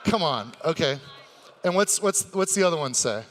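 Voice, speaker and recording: A man hosting a live convention stage show, excitable and hype-building, sometimes bursting into shouts to the audience. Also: a little high, normal speed, in a large hall, background noise. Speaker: stage host.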